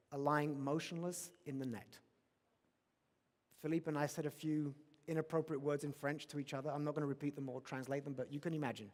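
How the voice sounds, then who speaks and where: High-voiced man giving a keynote. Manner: emphatic, rhetorical questions, repeats key phrases. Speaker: keynote speaker. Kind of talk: motivational conference keynote. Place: large conference hall. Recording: long reverb of a large hall.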